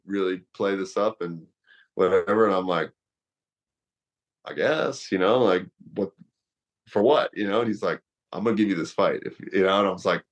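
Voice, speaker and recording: Speaking low at a moderate pace and pausing often, a former wrestler and fighter in his thirties tells a long, rambling story, heavy on fillers and laughter. The recording's highs are cut off.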